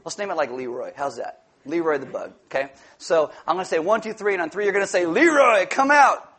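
A man's voice: a little high, quick pace, slightly rough. A male pastor giving a playful, jokey sermon in a church, bringing volunteers up and joking with the congregation. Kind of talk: sermon with audience interaction. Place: church sanctuary.

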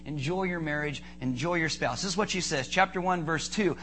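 A male pastor delivering a lively, joking sermon in a high, bright, forceful voice. He acts out quick comic asides between points. A faint noise sits under the recording. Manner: joking, animated preaching with acted-out asides.

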